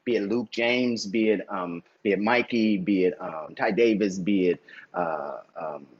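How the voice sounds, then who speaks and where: A man's voice: low voice, a little slow, breathy edge. A middle-aged man, an actor, talking casually as a guest and acting out quoted voices with easy laughter. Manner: animated, acts out quoted voices, laughs easily. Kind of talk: casual interview talk. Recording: muffled, dull lo-fi audio.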